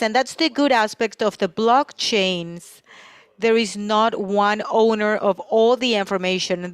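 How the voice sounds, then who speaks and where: This is a woman doing simultaneous interpretation for a conference panel, in a voice of middle pitch for a woman. She stays steady and even, pausing briefly as she follows the speaker. The sound is close and dry, with no room echo.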